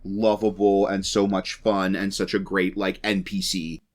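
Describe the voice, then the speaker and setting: Animated male podcast co-host. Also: sits low, unhurried. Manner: animated, chatty, laughs along. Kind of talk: casual podcast chat.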